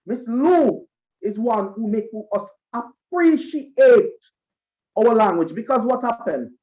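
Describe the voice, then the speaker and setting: Slow-talking Jamaican man at a school concert. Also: very high voice, dull audio. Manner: lively storyteller who acts out quoted voices. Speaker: school event emcee. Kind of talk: speech to students at a school concert.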